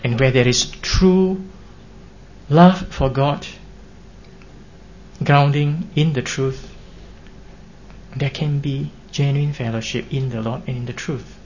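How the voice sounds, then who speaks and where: A man preaching a sermon in an earnest, measured way, pressing his points with emphatic rises. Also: medium pitch, a little mellow. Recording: dull lo-fi recording with faint hiss.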